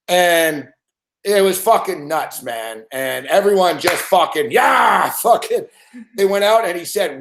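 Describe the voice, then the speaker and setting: A man's voice: sits high, measured pace. A man with a somewhat raised voice hosts a loose sports talk, getting worked up and swearing freely. He tosses in "dude" and "man" as he tells a story. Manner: excitable, swears a lot, says "dude" and "man". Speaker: show host. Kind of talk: casual profane sports chat.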